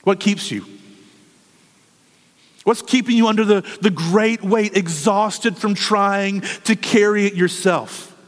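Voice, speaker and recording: A man's voice: high voice, takes it slowly, in a large hall. A male preacher giving an earnest, pleading sermon full of repeated questions.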